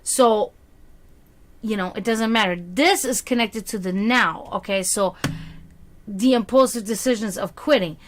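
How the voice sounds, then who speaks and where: A woman whose first language is German speaks with a German accent, her medium-pitched voice moving at a measured pace over a slight hiss or hum. A psychic reader, she rambles through a tarot reading on a live stream, affectionate and full of pet names and fillers.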